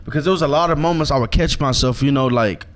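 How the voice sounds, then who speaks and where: A man's voice: fairly high pitch, fast. A young man from Oklahoma, a rapper guest in casual podcast chat, talking earnestly and reflectively in slang.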